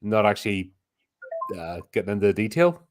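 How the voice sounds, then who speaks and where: A man's voice: fairly low pitch, sing-song, a little fast. A man co-hosting a podcast, giving dry, wry comments in a casual film chat. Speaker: podcast co-host.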